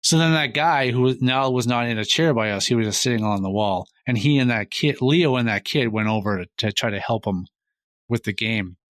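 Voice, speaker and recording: A man's voice: medium pitch, a little fast, dry recording. Middle-aged guy telling a story on a podcast, does everybody's voices, dead dry sound. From Minnesota. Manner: animated retelling, acting out other people's lines. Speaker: podcast co-host. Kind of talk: casual storytelling chat.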